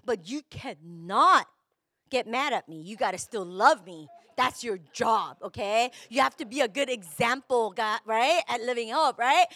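A middle-aged woman pastor delivers an emotional, confessional sermon, her voice swinging widely and climbing into shouts at its peaks. The sound is dry and close. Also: fairly high pitch, dry recording.

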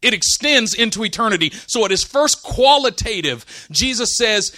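A man's voice: high-pitched, a little slow, hardly any pauses. A man preaching a sermon, mixing scripture with funny family stories and laughing often. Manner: animated storytelling, laughs often.

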